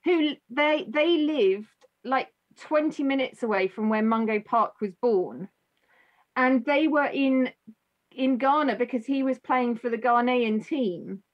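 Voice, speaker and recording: A woman podcast host recounting a story in a somewhat higher voice, full of restarts and emotion. The recording sounds dull and slightly lo-fi. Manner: halting, many restarts, moved close to tears.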